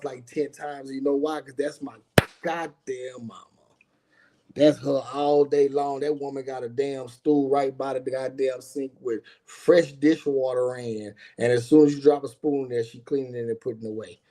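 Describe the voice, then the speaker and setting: A middle-aged man with a medium-pitched, dark-toned voice hosts a podcast, casually telling a personal story. He's loose and conversational, saying "you know what I'm saying" a lot.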